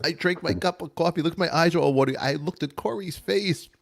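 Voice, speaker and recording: A man hosting a live talk show, teasing a guest loudly and playfully. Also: a little high, brisk, creaky, noisy background. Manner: teasing, loud and animated.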